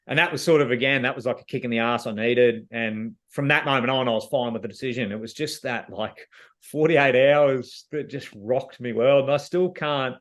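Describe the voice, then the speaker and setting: A man's voice: medium pitch, moderate pace, fairly bright tone. Candid Australian man telling a story. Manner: candid, emotional retelling that acts out quoted dialogue. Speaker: reality show contestant as guest. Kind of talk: casual storytelling interview.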